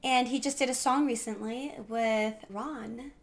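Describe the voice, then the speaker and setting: A woman's voice: on the high side, steady tone, measured pace. A young woman hosting a reaction channel, chatting casually, giggly and a bit hesitant. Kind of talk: casual chat.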